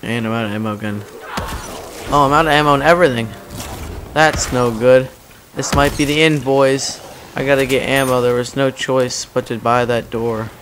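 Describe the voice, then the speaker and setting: A man's voice: steady tone, normal speed, noisy background. A young man chatting casually over gameplay, telling stories in a rambling way and acting out the people in them. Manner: rambling storytelling, acts out quotes in loud high voices. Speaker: gaming commentator.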